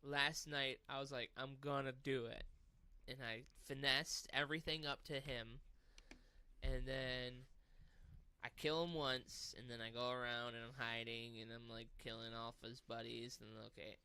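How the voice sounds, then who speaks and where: A man with a bright, crisp voice chats casually on a gaming podcast. He tells his stories with animated energy and plenty of swearing. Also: mid-range voice, normal speed. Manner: animated storytelling with swearing and laughs. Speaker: podcast co-host.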